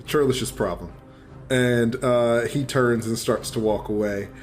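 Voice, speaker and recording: A man running a tabletop game as dungeon master, narrating with many pauses and fillers. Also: mid-range voice, fairly even intonation, faint music behind. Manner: hesitant, full of fillers.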